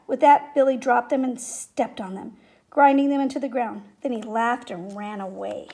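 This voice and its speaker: A woman reading a children's story aloud in a steady, expressive way. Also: on the high side, moderate pace. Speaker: reader.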